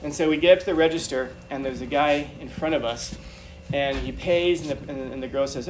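A man's voice: mid-range voice, fairly quick, few pauses. Man telling stories to an audience, distant mic. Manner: animated, chatty, repeats phrases. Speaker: guest speaker. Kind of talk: storytelling talk to an audience. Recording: distant mic with background noise.

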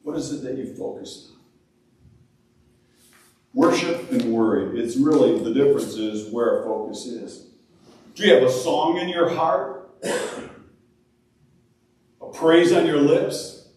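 Animated pastor in an echoey church. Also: male voice, medium pitch, unhurried, pauses often, recorded from a distance. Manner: animated, acts out prayers in a raised voice. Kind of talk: sermon.

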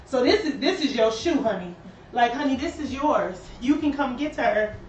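Speaking at a moderate pace, a young woman running a shoe store live stream talks animatedly to her viewers, sounding slightly breathless and high-voiced. Recorded from a distance in a roomy space, her voice comes through dull and lo-fi, with slight background noise.

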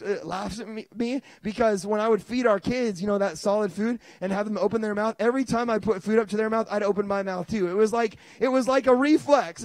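A man in his thirties preaching a sermon as pastor, telling stories with lively restarts and bursts of excitement. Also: sits high, no echo. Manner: animated storytelling with many restarts.

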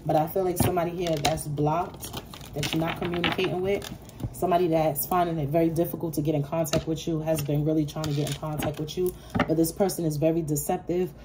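A woman giving a casual tarot reading, blunt and profane, acting out imagined quarrels in an animated way. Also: sits low, noisy background. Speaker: tarot reader.

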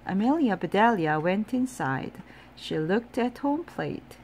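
A woman's voice: mid-range voice, sing-song, measured pace, darkish tone, slight background noise. Woman reading a bedtime story.

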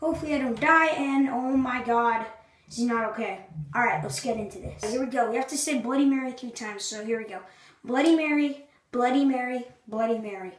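A woman vlogging casually, jittery and excitable, sometimes dropping to a hushed voice. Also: fairly high pitch, a little fast. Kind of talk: casual video narration. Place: small bathroom, lights off. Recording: echoey bathroom, faint noise.

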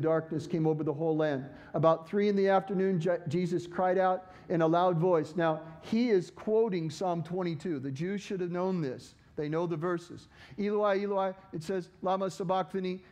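A male pastor preaching a sermon with fervent, rising exhortation, his voice cracking. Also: high-pitched.

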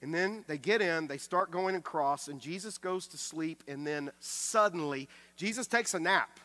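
A male pastor delivers a sermon in a bright, forceful voice pitched a little high. He preaches with emphasis, dropping to a hush and then rising again. He often repeats a word as he restarts a thought. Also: normal speed. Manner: emphatic preaching that swings from loud to hushed; acts out quoted speech with raised voice.

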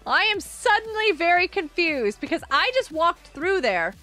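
A woman streaming a game, chatting with viewers in an excitable way, often gasping and exclaiming. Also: very high voice, normal speed, faint music behind. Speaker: gaming streamer. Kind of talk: live gameplay commentary chatting with viewers.

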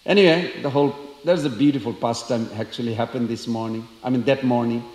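A man giving a storytelling lecture at a temple, acting out the voices of the characters with lively energy. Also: medium pitch, quick pace. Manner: animated, acts out quoted characters. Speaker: temple speaker. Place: temple hall. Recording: echoey temple hall.

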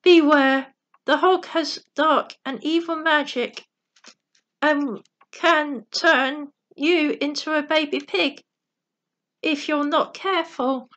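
A woman's voice: high voice, slow pace, fairly bright tone, muffled recording. A woman reading a small magical gnome's lines in a cautionary, helpful way. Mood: warning.

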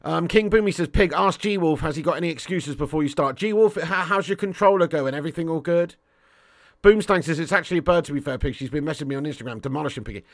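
A young man talks fast and excitably on his live stream while playing a football game. His voice sits fairly high for a man, and he jumps between cheeky banter, trash talk and loud thanks to viewers. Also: no room sound, studio quality. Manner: excitable and cheeky, swears, calls viewers legend and mate.

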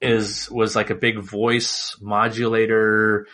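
A man's voice: fairly low pitch, little pitch movement, takes it slowly, sharp tone. A man co-hosting a podcast in casual chat, rambling with lots of fillers. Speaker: podcast co-host.

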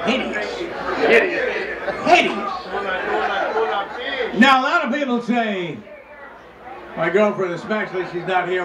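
Boisterous high-pitched male comedian. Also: slow, pauses often. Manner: loud, boisterous, crude delivery with frequent shouts. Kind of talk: live stand-up storytelling. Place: bar. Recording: echoey bar with crowd noise.

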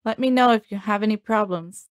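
A woman reading short practice sentences slowly and clearly for language learners. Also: medium pitch, no echo, studio quality. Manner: clear, measured enunciation. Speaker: native-speaker model voice. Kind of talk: slow repeated phrase reading for learners.

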